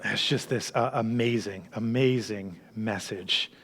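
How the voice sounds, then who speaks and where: A man preaching a sermon as a church pastor, earnest, dropping to hushed tones and then rising to emphatic peaks. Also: fairly low pitch, unhurried, slight background noise.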